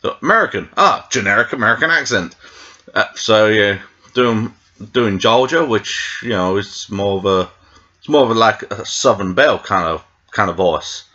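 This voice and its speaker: A man's voice: fairly low pitch, animated, normal speed, bright, forceful tone, highs cut off. A British man reviewing a TV episode in a meandering, tangent-filled casual chat, full of fillers. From Britain. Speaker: TV show reviewer.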